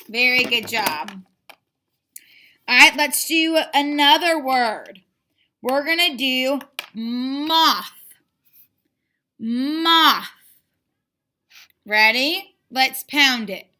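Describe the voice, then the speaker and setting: A woman teaching a children's phonics lesson, sounding out letters slowly and praising often with repeated encouragement. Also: sits high, expressive, bright, forceful tone. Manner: slow, drawn-out sounding out of letters; encouraging and repetitive.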